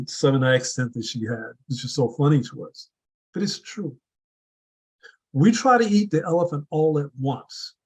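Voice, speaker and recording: A man's voice: a little high, darkish tone, breathy edge, rough recording. A man giving a prepared motivational speech at a public speaking club, earnest and building with repeated rhetorical questions.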